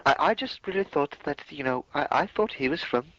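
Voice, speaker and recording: A man putting on the voice of a flustered, stammering man with a high-pitched delivery. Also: animated, brisk, fairly bright tone. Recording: dull lo-fi podcast audio.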